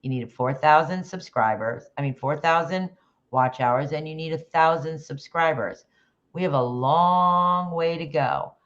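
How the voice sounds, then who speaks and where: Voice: medium pitch, a little slow, fairly bright tone, lo-fi sound. A livestream host chatting casually about a case, rambling with restarts and greeting viewers in the chat by name.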